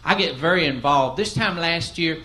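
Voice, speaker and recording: A man's voice: fairly high pitch, normal speed, sharp tone. A man from East Tennessee with a Southern accent, a stand-up comedian spinning folksy, self-deprecating stories on a club stage. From East Tennessee, USA. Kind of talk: stand-up storytelling. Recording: noisy live club recording.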